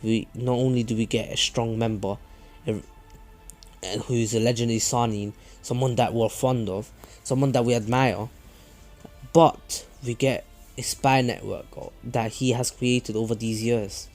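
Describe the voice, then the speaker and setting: Man doing a serious young ninja: low, hushed, steady, with faint background music. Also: normal speed, close to an everyday voice. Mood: approving.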